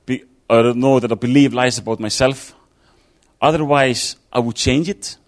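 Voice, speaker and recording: Guy preaching casual sermon, middle pitch, lots of ums and restarts, just chatting it through. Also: fairly even intonation, normal speed. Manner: conversational, thinking aloud with fillers and restarts. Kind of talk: informal sermon.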